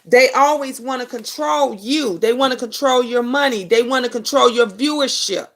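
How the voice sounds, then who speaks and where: A middle-aged woman hosts a casual live stream, responding to viewer comments emphatically and preachily while repeating her points. Her voice is a little high and her speed normal.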